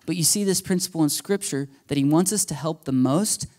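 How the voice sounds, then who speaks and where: Animated joking male pastor preaching. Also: on the high side, fairly quick. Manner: animated, jokey, acts out quoted voices. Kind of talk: sermon. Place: church sanctuary.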